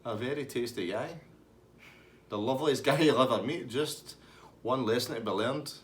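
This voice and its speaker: A man spinning a funny anecdote in a loose, colloquial way, swearing freely. His voice sits at an everyday middle pitch. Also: moderate pace, reverberant. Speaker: storyteller. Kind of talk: casual anecdote.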